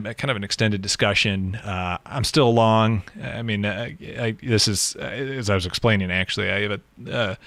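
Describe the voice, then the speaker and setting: A man co-hosting a live stream, talking casually and haltingly with many restarts. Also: fairly low pitch, fairly bright tone, dry recording.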